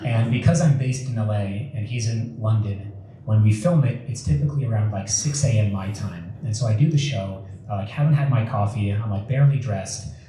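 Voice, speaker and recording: A man's voice: on the low side, a little fast, mellow. A young man giving a casual, joking storytelling talk to an audience, with plenty of fillers, speaking at a community event. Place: community center hall. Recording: echoey room, mic far off, faint noise.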